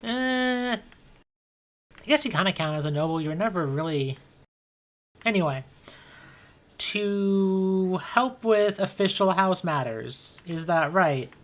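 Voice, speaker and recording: A woman's voice: fairly low pitch, lively intonation, slow, pauses often. A woman game master voicing a blunt, weary female house official who talks in a dry way.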